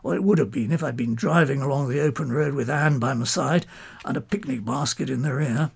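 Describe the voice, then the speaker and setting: A man's voice: medium pitch, brisk, vocal fry, slightly rough. A man telling a first-person story in a clipped, old-fashioned, genial manner.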